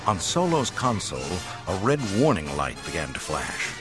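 A man narrating an audiobook in a dramatic, expressive storytelling manner. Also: low-pitched, moderate pace, music in the background. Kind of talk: scripted narration.

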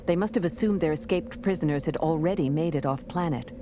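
A woman narrating an adventure audiobook in a steady, measured reading. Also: sits low. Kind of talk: scripted narration. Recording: noisy recording.

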